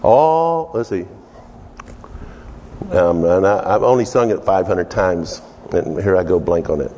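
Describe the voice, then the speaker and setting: A middle-aged man from Texas, preaching with lively storytelling and chuckles. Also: low-pitched, unhurried, a little hiss or hum. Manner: animated storyteller, chuckling, acting out voices. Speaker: pastor. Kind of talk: storytelling sermon. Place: church sanctuary. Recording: reverberant church hall.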